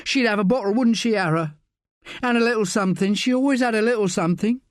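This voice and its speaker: A man's voice: high-pitched, fast, dry recording, clean studio sound, voice pushed up, close to an everyday voice. A man voicing a tearful, lost young woman who sounds wistful and pleading.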